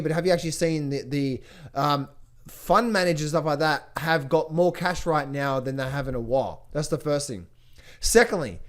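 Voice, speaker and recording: A man giving casual market commentary to his viewers, excitable and repetitive, often restarting his phrases. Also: high-pitched. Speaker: trading educator.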